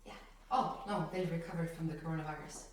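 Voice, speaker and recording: A woman with a low-pitched voice talks fast as she leads a conversational Bible study, reading verses and laughing between them while she explains. She is an animated Bible teacher, and the recording is echoey and distant-miked with a little hiss or hum.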